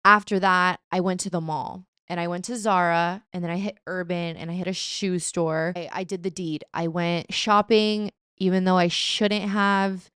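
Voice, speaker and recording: A young woman vlogging in a chatty, animated, self-mocking way, sometimes slipping into playful put-on voices. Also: lowish voice, moderate pace, few pauses, clear, resonant tone, no room sound, studio quality. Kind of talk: casual chat.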